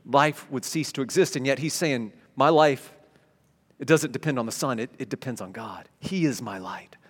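A man preaching a sermon, stumbling over repeated words and swinging between loud emphasis and hushed tones. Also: mid-range voice, moderate pace, slightly rough. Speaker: pastor. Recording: long hall reverb.

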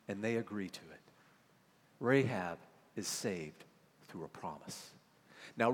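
A middle-aged man preaching a sermon in a church, telling stories and acting out little conversations, then dropping to a soft hushed voice for emphasis. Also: mid-range voice. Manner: animated storytelling, acts out little dialogues, drops to soft hushed tones for emphasis. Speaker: pastor. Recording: long reverb of a church hall.

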